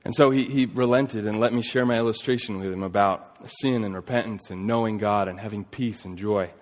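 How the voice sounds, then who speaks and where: A man in his thirties preaching a sermon, telling a story earnestly, rising to emphatic points and dropping to a hush. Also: lowish voice, fairly quick. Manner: earnest storytelling, swings between emphatic and hushed. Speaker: pastor. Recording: long reverb of a large hall.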